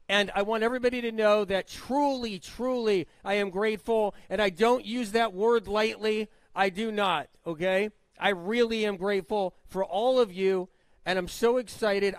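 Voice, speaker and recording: A man with a high voice greets a live audience as the event's host. He talks with feeling, repeats words and laughs often. His voice sounds dry and close to the mic. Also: no room sound. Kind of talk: live stage welcome speech.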